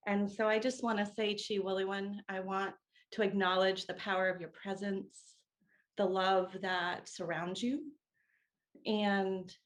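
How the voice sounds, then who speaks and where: A woman speaking slowly and with emotion as she pays tribute to a friend at a meeting. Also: mid-range voice. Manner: slow, emotional, earnest. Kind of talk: heartfelt tribute. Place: video call.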